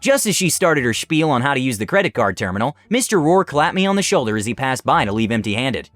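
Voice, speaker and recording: A man narrating online stories in an animated, scripted way. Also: mid-range voice, fast talker, no room sound, soft background music. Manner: animated storytelling.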